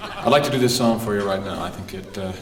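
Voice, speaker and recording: A man's voice: on the low side, quick pace, reverberant, a crowd in the background. A man performing a live stand-up routine on a comedy club stage, rambling with fillers and working himself into mock anger. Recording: 1970s live vinyl album recording.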